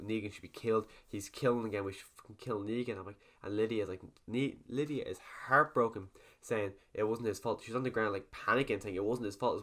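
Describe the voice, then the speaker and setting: A young man giving a rambling, animated video review of a TV episode, swearing freely as he goes. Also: on the low side.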